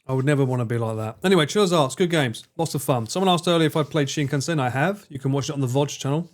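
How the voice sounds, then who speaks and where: A mid-range Essex voice belongs to a man in his forties who talks fast while playing a game on a live stream. He laughs often, jokes around and swears, and game music runs underneath.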